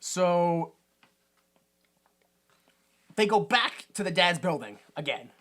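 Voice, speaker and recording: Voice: medium pitch, lively intonation, slow, a bit bright. A podcast co-host chatting casually as they recap a film, rambling and packed with fillers, with a wry edge. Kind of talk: casual chat.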